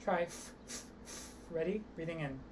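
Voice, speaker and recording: A woman's voice: lowish voice, moderate pace, noisy background. Upbeat woman coaching a theatre workshop. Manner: upbeat, encouraging coaching with voice warm-ups. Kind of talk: online acting workshop instruction.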